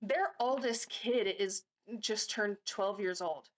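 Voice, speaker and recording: Woman, 30s, reaction vlogger; chatty rambler, fillers and restarts, mid-pitched. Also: slow. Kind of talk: casual chat.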